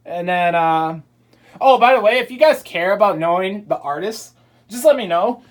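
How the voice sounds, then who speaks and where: A chatty woman talks through a casual tour of her home game room. She speaks in an offhand, upbeat way, full of fillers and quick asides. Her voice sits at a middle pitch, picked up by the handheld phone she films with. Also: lively intonation. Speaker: video creator giving a room tour. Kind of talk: casual vlog narration. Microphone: handheld phone camera.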